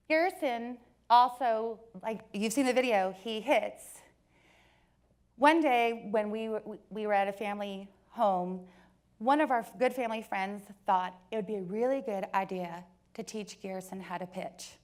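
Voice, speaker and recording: A woman in her forties giving a personal storytelling talk to an audience, joking at times and turning soft and earnest at others. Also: on the high side, measured pace. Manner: warm joking storyteller, switches between laughs and soft earnest passages. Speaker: company speaker.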